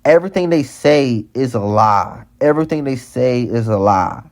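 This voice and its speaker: In a mid-range, darkish voice with lively intonation and normal speed, a man vlogs a heated rant. He repeats lines again and again and trips into stammering restarts.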